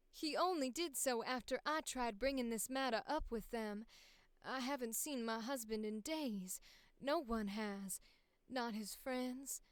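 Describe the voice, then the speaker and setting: Audition: woman doing a soft-drawled, desperate-sounding rich alien slime wife, smooth and dry. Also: on the high side, no room sound, lightly acted. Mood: pleading. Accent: invented soft drawl, almost Southern. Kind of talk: voice acting audition.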